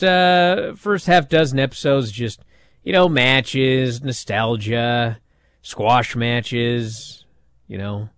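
A man's voice: medium pitch, a bit bright. A man hosting a sports talk show, telling stories in casual chat, rambling with lots of fillers. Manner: rambling storyteller with many fillers. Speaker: wrestling radio show host.

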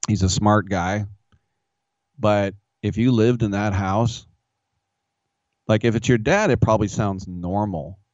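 A man's voice: fairly low pitch, a little slow, pauses often, darkish tone, no echo. A man hosting a sports radio show, telling rambling, self-mocking stories. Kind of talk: casual sports talk radio. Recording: dull, dry studio sound.

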